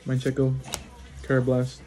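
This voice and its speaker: A man hosting his own channel, casually commenting at home at a small table as he opens card packs, rattling off card names quickly with brief excited reactions. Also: medium pitch, soft background music. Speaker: card-opening channel host.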